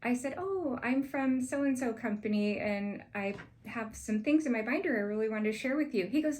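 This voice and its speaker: A woman, a sales manager, tells an earnest personal story as part of a proposal pitch and gets animated as she recounts it. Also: normal speed, hardly any pauses. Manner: earnest, grows animated while retelling events.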